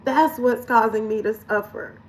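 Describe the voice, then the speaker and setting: A woman's voice: on the high side, normal speed, recorded from a distance, low-quality recording. A woman lifestyle coach talking candidly in a confessional vlog, emotional and earnest, laughing between phrases and repeating lines for emphasis.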